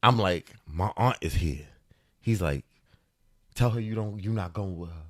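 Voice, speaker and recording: A thirty-something man with a low-sitting voice tells a story at a measured pace while co-hosting a podcast. The chat is casual, and he's lively, laughing often as he voices the people in the tale.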